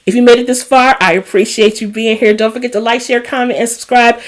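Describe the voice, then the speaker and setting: A woman's voice: on the high side, a little fast. Chatty woman recapping TV episodes. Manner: chatty and animated, emotional asides. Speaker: recap host.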